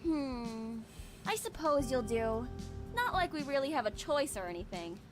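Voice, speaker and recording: A man voicing an aloof young woman pilot in a game playthrough, with curt, dismissive lines spoken low and quiet. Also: animated, unhurried, soft background music, heavily acted.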